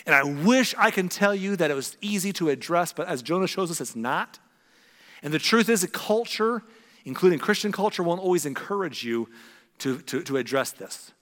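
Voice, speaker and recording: Brief: male pastor, fairly high voice, earnest sermon with hushed emphatic moments, long hall reverb. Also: animated, normal speed. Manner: earnest, storytelling, drops to hushed tones for emphasis.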